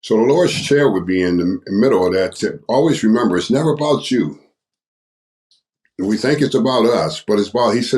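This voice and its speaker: An older man with a very deep, low voice tells his story as a guest on a podcast. He talks like a preacher, repeating phrases for emphasis. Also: lively intonation, normal speed, darkish tone. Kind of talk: testimony in a podcast interview.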